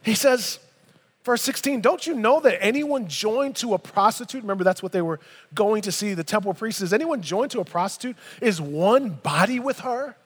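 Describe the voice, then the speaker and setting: Man, high voice, pastor, conversational sermon, long hall reverb. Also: expressive, moderate pace, breathy edge. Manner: conversational, emphatic, mixes Bible reading with casual asides. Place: church sanctuary.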